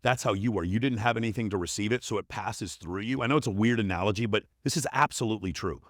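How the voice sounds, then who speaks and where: A man's voice: fairly low pitch, quick pace, fairly bright tone, no room sound, studio quality. A man talking as a guest on a podcast, telling blunt, profane stories and giving emphatic advice. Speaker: performance coach, podcast guest. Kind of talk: casual interview chat.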